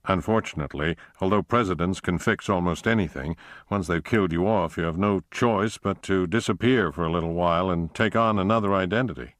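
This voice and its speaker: A man's voice: sits low, fairly quick, hardly any pauses, no echo, clean studio sound, natural voice. A man voicing a wry, affectionate middle-aged man who speaks with a broad Irish accent.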